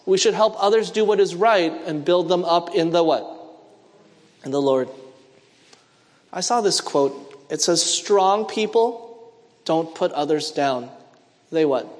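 A man's voice: high-pitched, unhurried, pauses often. A man preaching a sermon, telling stories and asking the congregation to call out answers. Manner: storytelling with call-and-response questions. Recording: long hall reverb.

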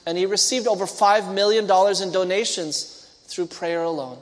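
A man with a high-sitting voice preaches at a moderate pace, telling stories and acting out the voices of the people in them. The recording carries a long hall reverb.

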